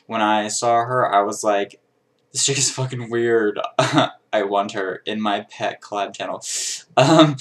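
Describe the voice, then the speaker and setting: A young man chatting casually to his camera in a bedroom, playful and self-mocking. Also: lowish voice. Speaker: vlogger. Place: small bedroom being emptied.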